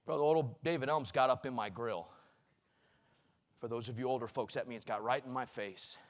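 A middle-aged male preacher delivering a sermon, shouting rhythmic repeated lines and dropping to quiet storytelling. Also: medium pitch, normal speed. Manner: swings between shouted exclamations and quiet storytelling; repetitive, rhythmic preaching cadence.

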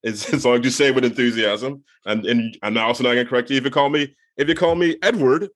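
A man's voice: mid-range voice, fast, dry recording, studio quality. A man co-hosting a podcast in casual chat, rambling and joking as he corrects himself. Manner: rambling, jokey, self-correcting. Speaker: podcast co-host.

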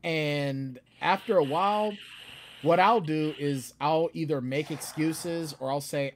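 A man, a guest author, chatting casually and animatedly, often slipping into loud ranting voices. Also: fairly high pitch, slow pace, a little hiss or hum. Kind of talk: casual chat.

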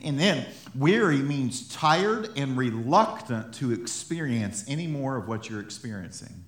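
A man's voice: medium pitch, expressive, unhurried, few pauses. A man preaching a sermon as pastor, talking to the congregation in a conversational way, repeating himself and chuckling as he goes. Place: church sanctuary. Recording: echoey church sanctuary.

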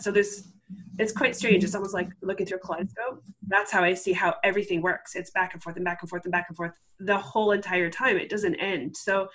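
A woman's voice: mid-range voice, a bit bright. Woman, interview guest, casual storytelling, chatty, many fillers, acts out her own past words.

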